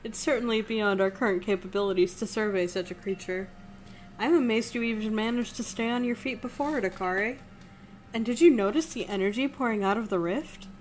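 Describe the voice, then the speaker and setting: A woman's voice: a little high, a little fast, a little hiss or hum, close to an everyday voice. A woman reading the lines of an earnest male professor, explaining findings. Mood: amazed.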